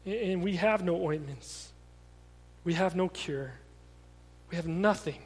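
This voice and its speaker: High-voiced preacher in an echoing hall. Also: male voice, unhurried, long pauses, husky. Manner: conversational, animated storytelling with repeated restarts. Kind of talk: sermon.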